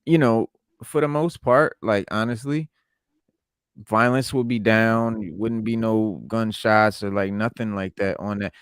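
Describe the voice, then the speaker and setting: A man's voice: fairly low pitch, a little slow, clear, resonant tone, no echo, studio quality. A man from New York co-hosting a podcast, telling stories in a laid-back, slangy way. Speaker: podcast co-host. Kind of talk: casual chat.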